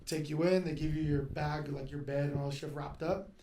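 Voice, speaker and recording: A man from Fresno telling animated stories in casual podcast chat, swearing freely. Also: on the high side, fairly quick, a little hiss or hum. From Fresno, California. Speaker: guest storyteller.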